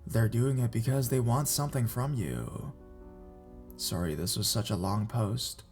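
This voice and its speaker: A man reading reader-submitted scary stories aloud in a measured, even narration. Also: medium pitch, faint music behind. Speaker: horror story narrator.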